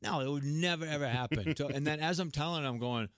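A man's voice: a little high, quick pace, no echo, clean studio sound. A middle-aged man, a stand-up comedian guest, telling stories in casual chat and acting out the voices of the people he quotes. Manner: animated, acts out quoted voices.

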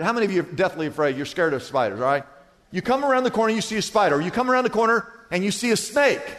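A man preaching a sermon as pastor, telling stories with big swings between loud and soft. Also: big-room sound. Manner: animated storytelling with wide swings in pitch and volume.

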